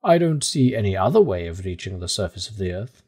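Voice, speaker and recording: A man voicing a calm, self-assured older professor who speaks in a matter-of-fact way in a storybook reading. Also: deep voice, brisk, husky, voice pushed down, full character voice.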